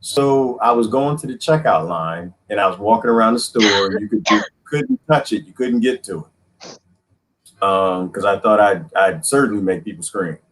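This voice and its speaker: A man hosting a casual chat, rambling and animated, laughing often. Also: lowish voice, normal speed, poor audio. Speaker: host.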